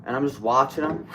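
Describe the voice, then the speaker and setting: A young man from Ohio spins a story on a podcast in a casual, animated, profane way. His voice sits at an ordinary middle pitch. A faint noise floor hangs under the studio recording. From Toledo, Ohio. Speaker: podcast co-host.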